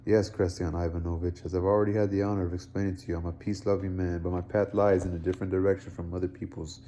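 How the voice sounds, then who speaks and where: A man's voice: low voice, level tone, fast, mellow, a little hiss or hum, close to an everyday voice. A man reading the part of a timid, middle-aged male clerk who halts and repeats himself. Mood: anxious.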